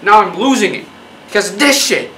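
A man's voice: high voice, lively intonation, brisk, sharp tone, roomy sound, far from the mic, a little hiss or hum, rough recording. A man doing a profane, mock-angry comedy rant straight at his viewers. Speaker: YouTube comedian.

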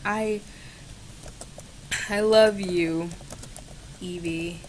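A young woman vlogger talks slowly and drawls through sarcastic, mock-exasperated asides at her laptop. She giggles and swears freely. A faint hiss sits under her voice. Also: on the low side, fairly even intonation, a little mellow. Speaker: gaming video creator. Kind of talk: casual chat with a chatbot on camera. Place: home, at a laptop.

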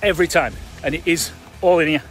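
A man's voice: a little high, fast talker, fairly bright tone, faint music behind. A man giving a blunt, emphatic live-stream coaching talk to property investors, chatty and full of fillers. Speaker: construction trainer for property investors.

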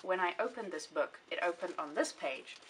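With a lowish, expressive voice at normal speed, the young book vlogger chats casually and rambles about her books, often revising what she's saying midway. She's a little far from the mic, and a faint hiss is audible.

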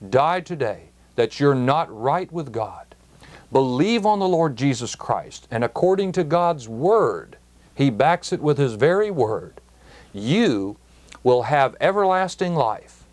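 Slow, earnest Bible-teaching man. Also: medium pitch, a little mellow. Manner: earnest, emphatic, drawn-out preaching with rising emphasis on key words.

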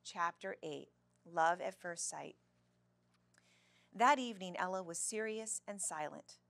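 A woman reads a children's novel aloud, giving the story expressive life. Her voice sits low with a gravelly edge. The sound is dry and close. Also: measured pace, no room sound.

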